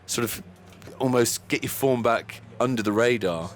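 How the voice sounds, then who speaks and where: Slightly breathless former cricketer summarising. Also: male voice, medium pitch, normal speed, a little hiss or hum. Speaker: former England cricketer, co-commentator. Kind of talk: expert summariser chat.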